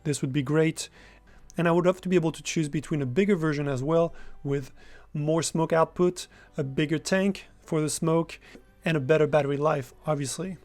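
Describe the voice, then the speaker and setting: A man's voice: a little high, fairly even intonation, normal speed, a little mellow, no echo, soft background music. A young man giving a casual, enthusiastic product review straight to camera.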